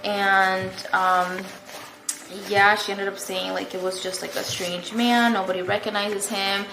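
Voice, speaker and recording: A woman's voice: medium pitch, level tone, unhurried, vocal fry, noisy background. A young woman vlogger telling a story-time update in a casual, rambling way, full of fillers and "like", from her apartment. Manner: chatty, rambling, lots of fillers and "like". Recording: echoey room, faint ambience.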